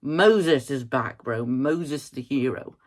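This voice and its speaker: A man's voice: mid-range voice, animated, takes it slowly. A man casually recapping a film plot in a rambling, chatty way, full of fillers and laughs. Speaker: movie reviewer.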